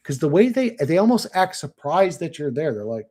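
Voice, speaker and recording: A man's voice: on the high side, very animated, moderate pace, warm tone, slightly rough. A young man streaming live, chatting casually and bluntly, cursing often and laughing at chat.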